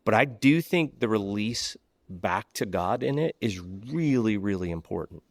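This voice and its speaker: A man's voice: fairly low pitch, lively intonation, unhurried, dry recording. A man speaking as a guest pastor, explaining ideas earnestly in a conversational way and often restarting mid-thought.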